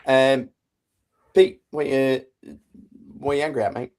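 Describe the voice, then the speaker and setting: A man's voice: mid-range voice, fairly even intonation, slow pace, a little mellow. A man, co-hosting a casual sports podcast with rambling, joking banter. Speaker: podcast co-host. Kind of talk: casual chat.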